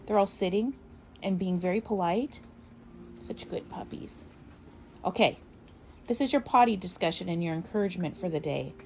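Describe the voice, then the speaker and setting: A woman trainer giving casual, calm and encouraging instruction on raising puppies. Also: on the low side, fairly quick, rough recording. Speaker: puppy trainer. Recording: steady background noise.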